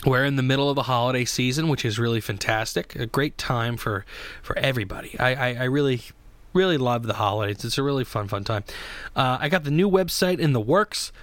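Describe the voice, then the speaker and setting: A man's voice: mid-range voice, a little fast, a bit bright, dry recording. A man hosting a casual solo podcast, rambling and joking with lots of restarts. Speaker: podcast host.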